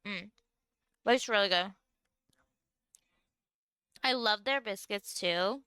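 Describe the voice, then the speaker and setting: A woman's voice: medium pitch, takes it slowly, bright, forceful tone, clean tone, no echo. A young woman streamer chatting casually with viewers while she eats, filling her talk with "like". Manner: chatty, lots of "like", talking while eating. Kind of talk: casual livestream chat.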